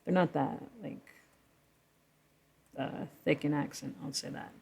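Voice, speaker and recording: Woman vlogger with a deep voice, walking through her own story draft, rambling and self-correcting. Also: fairly even intonation, unhurried, gravelly, darkish tone, slightly rough. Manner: rambling, self-correcting, chuckles between thoughts. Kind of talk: casual vlog commentary reading from her draft.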